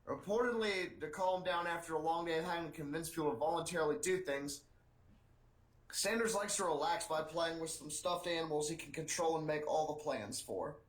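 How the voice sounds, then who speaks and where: A man co-hosting a casual podcast, reading satirical news in a dry, deadpan way. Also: a little high, fairly quick. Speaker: podcast co-host. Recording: echoey room.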